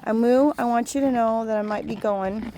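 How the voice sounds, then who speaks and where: A woman's voice: a little high, fairly even intonation, moderate pace, slight background noise. A woman talking in a rambling, sing-song way to a cow outdoors, recorded on a phone camera. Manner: sing-song baby talk to a cow, drifting into soft musings. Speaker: animal lover talking to a cow. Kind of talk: rambling talk to an animal.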